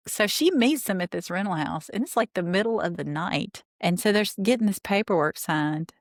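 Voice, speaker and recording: A woman's voice: mid-range voice, expressive, normal speed, no echo, studio quality. A woman hosting a podcast, giving chatty, indignant commentary on a reality TV rewatch. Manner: chatty, indignant, recaps scenes and reads quotes aloud. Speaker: podcast host.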